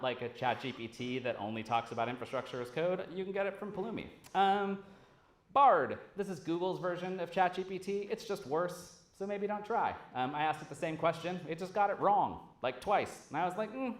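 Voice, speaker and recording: A man on stage giving a conference talk in a loose, animated way, cursing freely. His voice carries the roomy ring of a large lecture hall. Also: fairly high pitch. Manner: casual, animated, swears freely. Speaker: conference speaker.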